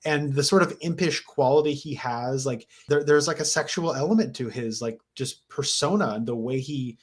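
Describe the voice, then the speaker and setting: Husky-voiced man on a film podcast. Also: medium pitch, normal speed. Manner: enthusiastic, many "like" fillers and restarts. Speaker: podcast co-host. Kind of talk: casual film discussion.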